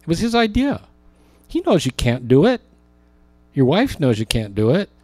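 A man preaching a sermon as a pastor, rising for emphasis and slowing down on key words. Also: a little high, wildly swooping pitch, dark tone, no room sound.

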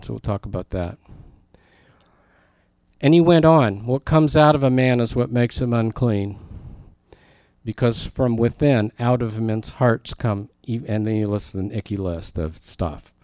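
A man's voice: medium pitch, darkish tone, no echo. Plain-voiced man teaching the Bible, dry sound. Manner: conversational, emphatic, with frequent asides to the class.

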